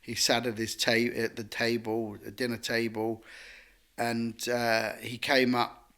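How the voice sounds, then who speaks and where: A man, a guest telling stories in a lively, rambling way full of restarts. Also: medium pitch, measured pace, smooth. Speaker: guest artist. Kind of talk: conversational storytelling.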